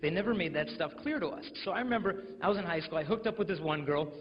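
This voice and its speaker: A young American man in his twenties giving a jokey, animated talk to teenagers, telling stories with acted-out quotes. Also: on the high side, fast, slight background noise. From United States. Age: 20s. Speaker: chastity speaker. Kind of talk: humorous motivational talk to teens. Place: large school hall with audience. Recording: lo-fi recording with long hall reverb.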